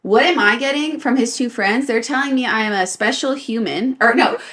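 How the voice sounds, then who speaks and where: A woman's voice: on the high side, normal speed. Young woman, from California, casual podcast storytelling, laughs a lot, acts out quotes. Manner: animated, laughing, quotes others in changed voices. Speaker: podcast co-host.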